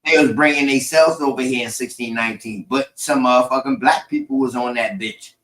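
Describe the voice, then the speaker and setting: A man's voice: medium pitch, brisk, a bit bright, rough recording. A man, talking through history in a casual, profane, emphatic way. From South Carolina, United States. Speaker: podcast host.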